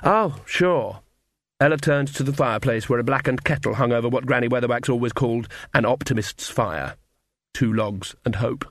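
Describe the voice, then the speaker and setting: Male audiobook narrator, even and wry, dry close read. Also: medium pitch, fairly quick, no room sound.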